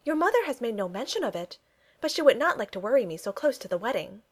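A woman's voice: on the high side, big pitch swings, fast, pitched above the performer's own voice. A woman voicing a sweet, earnest young Regency lady about to be married, speaking in proper phrasing.

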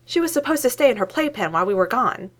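Female reader voicing a hyper young male scientist, eager and loud, very lively pitch. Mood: excitable. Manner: rapid, excitable, voice shooting up.

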